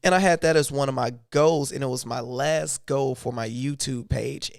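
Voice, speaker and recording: A man from Michigan hosting a casual livestream, his voice a little hoarse, talking loosely and reading from his notes. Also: medium pitch, normal speed, no room sound, clean studio sound. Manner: loose and conversational, reads aloud from notes. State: slightly hoarse voice. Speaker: YouTube livestream host.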